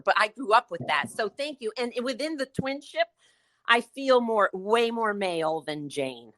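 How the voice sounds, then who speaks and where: Bright-voiced woman in her 60s with a New Haven accent. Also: mid-range voice, animated, normal speed. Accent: New Haven, Connecticut. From New Haven County, Connecticut. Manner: chatty, jokey, storytelling. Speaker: podcast guest, former therapist turned entertainer. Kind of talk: casual interview chat.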